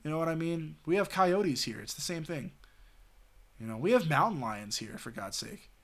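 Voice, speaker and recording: A man's voice: fairly high pitch, animated, moderate pace. A man from the American Southwest chatting casually with his stream audience, rambling and swearing, full of "you know" and "like". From Southwestern United States.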